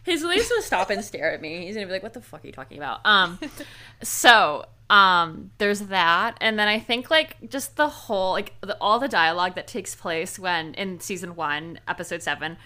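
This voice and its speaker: A woman's voice: medium pitch, lively intonation, moderate pace, bright, forceful tone. A woman co-hosting a casual podcast, chatting in a laid-back way and laughing often. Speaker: podcast co-host.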